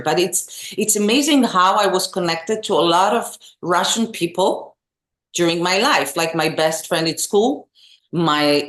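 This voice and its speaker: A middle-aged woman, a singer and vocal teacher telling animated stories as an interview guest. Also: on the low side. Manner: animated, expressive storyteller. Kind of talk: casual interview storytelling. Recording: echoey room.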